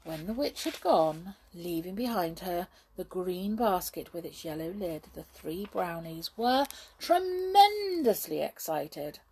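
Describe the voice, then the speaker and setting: A woman reading a children's storybook aloud at a slow, unhurried pace. Her voice is soft and breathy, with a lively, rising and falling tune. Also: fairly low pitch.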